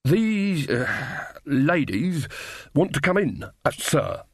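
A man's voice: fairly high pitch, very animated, a little fast, bright, forceful tone, no echo, studio quality, voice pushed up, full character voice. A man doing a stammering nervous guard. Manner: hesitant, stammering. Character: awkward nervous young male guard.

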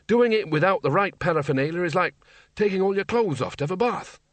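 A man's voice: high voice, lively intonation, fast, fairly bright tone, no echo, pitched above the performer's own voice. A pompous, sneering wizard dean , voiced by a man, who fusses over proper standards. His voice is lifted well above the reader's own, and the sound is dry and close. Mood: grumbling. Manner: fussy and sneering.

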